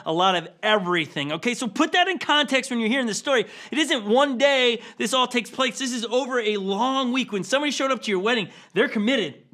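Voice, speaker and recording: A man's voice: high-pitched, pushed and bright. A man preaching a conversational sermon as a pastor, casual and playful, often checking in with "okay?" and filling with "like.". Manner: acts out quoted characters with a chuckle.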